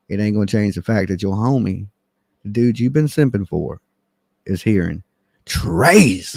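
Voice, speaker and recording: Gravelly, mocking livestream host man. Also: fairly low pitch, dark tone, no echo. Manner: profane, mocking, combative. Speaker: true crime livestream host. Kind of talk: ranting livestream commentary.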